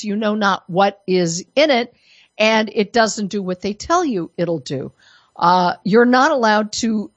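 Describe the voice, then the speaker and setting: Slow, sarcastic woman commentator. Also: medium pitch, dry recording, muffled recording. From Colorado, USA. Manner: sarcastic, mock-innocent asides. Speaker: political commentator. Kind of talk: opinion monologue.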